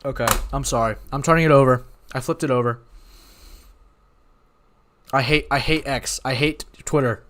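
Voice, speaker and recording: A young man hosts a live stream and reacts as things happen, rambling and excitable. He keeps stopping to apologize and correct himself. His voice sits at an ordinary middle pitch. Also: normal speed, long pauses, a little hiss or hum. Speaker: watch party host.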